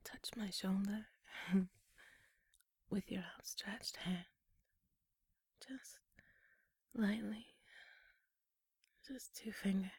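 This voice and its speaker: A young woman in a whispered role-play, murmuring coaxing, teasing directions with soft little laughs. Her whisper is very airy and mellow, with a faint gravelly edge, and she takes her time over every word. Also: mid-range voice, steady tone, drawn-out words, pauses often, dry recording, clean studio sound. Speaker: ASMR role-play performer.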